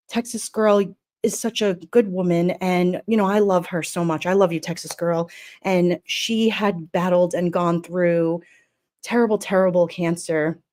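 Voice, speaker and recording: Emotional woman streamer, low-pitched. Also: dark tone. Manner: heartfelt, rambling, reads chat comments aloud. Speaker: livestream host. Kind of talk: casual livestream memorial talk.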